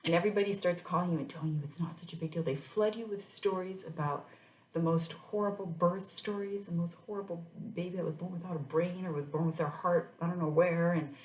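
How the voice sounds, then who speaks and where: A woman's voice: lowish voice, fairly even intonation, a little fast. A woman in her thirties, a mother telling her own story in a casual, rambling way with many restarts. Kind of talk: casual personal vlog. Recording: echoey room.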